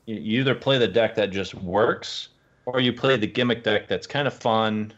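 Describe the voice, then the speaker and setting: Low-voiced, swearing co-host man. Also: moderate pace, highs cut off. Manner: loose and profane, lots of "like". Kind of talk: casual chat.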